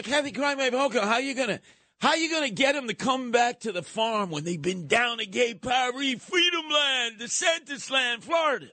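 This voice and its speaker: A man's voice: high voice, bright, forceful tone, no room sound. Combative New talk radio man. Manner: combative, mocking, uses nicknames. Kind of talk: political talk radio monologue.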